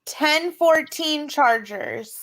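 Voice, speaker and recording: A woman hosting a casual live-stream chat, profane and excitable, laughing often. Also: high voice, very slow, poor audio. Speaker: live stream panel host.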